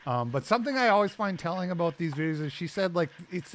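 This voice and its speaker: A man's voice: on the high side, expressive, fairly quick, slight background noise. A man hosting a podcast, chatting casually and sardonically about a news clip, with frequent laughs. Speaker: podcast host. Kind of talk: casual commentary chat.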